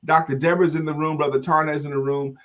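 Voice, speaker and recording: A middle-aged man from the United States co-hosting a live online talk show in a lively, playful casual chat. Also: fairly high pitch, quick pace.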